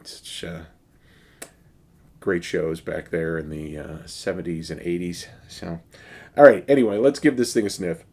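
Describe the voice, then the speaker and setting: Male beer vlogger, lowish voice, casual and rambling with a wry humor. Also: measured pace, a little mellow. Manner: rambling, wry, many fillers. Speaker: beer reviewer. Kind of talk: casual beer review vlog.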